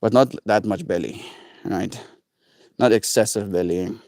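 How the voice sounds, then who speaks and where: A man's voice: a little slow, pauses often, a little mellow, no echo, clean studio sound. Playful man chatting on a livestream. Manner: rambling and playful, with high baby talk to his pets. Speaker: daily livestreamer. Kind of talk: casual livestream chat.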